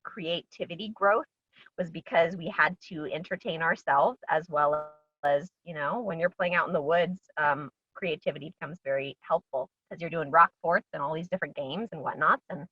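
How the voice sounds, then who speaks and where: A woman, an actress, talks in a chatty, bubbly way on a video call, her voice a bit low for a woman. The audio is dull and lo-fi, and the room sounds dry and close. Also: normal speed, husky, no room sound. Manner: chatty and bubbly, with frequent ums and laughs. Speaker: actress guest. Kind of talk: casual interview chat.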